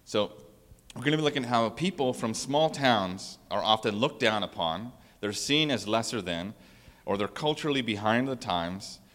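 Male pastor, lowish voice, relaxed sermon delivery with restarts, long hall reverb. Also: moderate pace. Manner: conversational, with fillers and restarts. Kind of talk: casual sermon.

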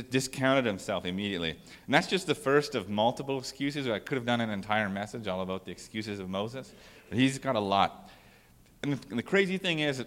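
A man's voice: fairly low pitch, fairly bright tone. Conversational male pastor in a reverberant hall. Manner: conversational, with fillers and restarts. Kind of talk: casual sermon.

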